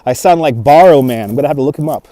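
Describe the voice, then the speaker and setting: A man's voice: medium pitch, fast, warm tone, no echo. Chatty New man on a walk. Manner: chatty, reads out and answers viewer comments, laughs often. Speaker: livestream host. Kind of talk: casual walking livestream chat. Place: outdoors in a snowy park at dusk. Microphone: phone on a handheld gimbal.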